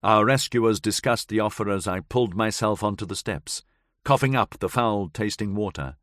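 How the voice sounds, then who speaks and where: A man narrating a first-person audiobook in a measured, dramatic storytelling manner. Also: fairly low pitch, a bit bright, dry recording, studio quality. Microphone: close studio mic.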